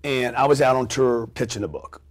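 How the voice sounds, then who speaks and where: A middle-aged man telling a story as a guest on an interview show, animated and profane, acting out scenes with sound effects and quoted voices. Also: mid-range voice, normal speed.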